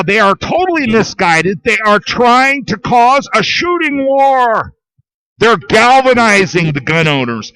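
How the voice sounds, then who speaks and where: A man hosting a call-in talk radio show, ranting in a profane, heated way and shouting at times. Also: high-pitched, big pitch swings, takes it slowly, poor audio.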